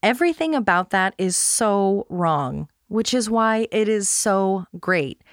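Podcast host, woman, mid-pitch; reads a scripted recap with wry humor, dry close sound. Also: animated, slow pace, no echo. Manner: playful, self-deprecating humor. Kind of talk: scripted recap read aloud.

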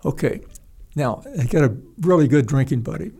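An older man, a retired pilot, telling a story in a halting, rambling way with restarts and salty language. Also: mid-range voice, animated, gravelly, mellow, breathy edge. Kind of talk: casual spoken storytelling.

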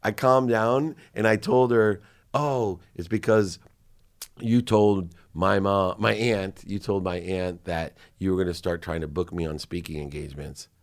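A middle-aged man with a very low, deep voice, talking as a podcast guest. He is earnest and confessional, and he acts out the things he said in his own stories. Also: fairly even intonation, measured pace. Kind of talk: casual interview chat.

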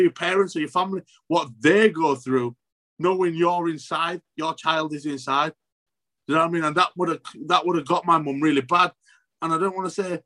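A young man, an interview guest telling an emotional personal story, halting and repetitive, swearing often. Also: on the high side, fairly bright tone.

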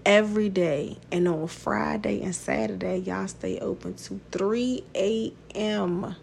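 A woman talks through a casual podcast monologue, blunt and profane, laughing often. Her voice has a gravelly rasp and she takes her time. A faint hiss sits under the recording. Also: mid-range voice, slow, darkish tone. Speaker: podcast host.

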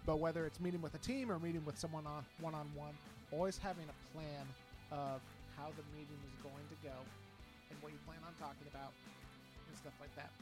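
A man's voice: fairly high pitch, level tone, a little fast, over music. A man co-hosting a podcast in casual chat, speaking earnestly in simple phrases with fillers. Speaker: podcast co-host.

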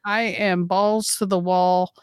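A brash, animated woman co-hosting a reality-TV podcast, swearing freely as she picks the cast apart. Her pitch is in the middle range, and the close mic gives a dry sound with no room echo. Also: slow pace, clear, resonant tone. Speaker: podcast co-host. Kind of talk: casual reality-TV recap chat.

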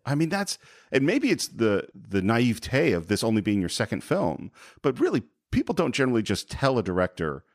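A man co-hosts a film podcast, chatting casually and acting out lines from the movie. His voice swings lively in pitch. The sound is dry and close. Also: a little fast, dry recording. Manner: animated, acts out quotes. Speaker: podcast co-host.

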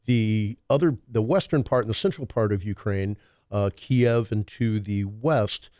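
A man's voice: lowish voice, a little slow, dark tone, dry recording, clean studio sound. A man hosting a talk radio show, musing on current events in a rambling, hesitant way full of fillers. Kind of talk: casual political talk.

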